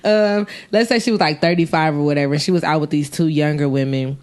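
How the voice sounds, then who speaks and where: A young woman in her twenties tells a story on a casual chat podcast with lots of energy. She curses freely and jumps into the voices of the people she is quoting. Her voice sits a little low for a woman. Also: fast. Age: 20s. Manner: animated, profane, acts out quoted voices. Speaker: podcast co-host.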